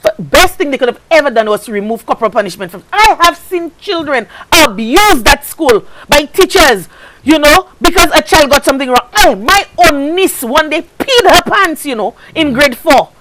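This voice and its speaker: Saint lucian lady host going off, voice jumps all over, kinda high, hiss in the recording. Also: lively intonation, moderate pace. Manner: emphatic, repeats phrases for stress. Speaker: talk show host. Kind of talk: impassioned talk show commentary. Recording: noisy recording.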